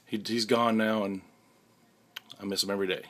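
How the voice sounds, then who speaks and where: A young man talking haltingly to his camera in a casual vlog, with many restarts and fillers. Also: on the low side, steady tone. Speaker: vlogger. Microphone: handheld camera mic.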